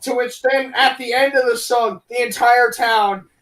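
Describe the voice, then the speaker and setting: A man's voice: very high-pitched, fairly even intonation, measured pace, a bit bright, low-quality recording. A young man co-hosting a podcast, retelling a film's plot in a crude, rambling, joking way. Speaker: podcast co-host. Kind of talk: casual comedic film review chat.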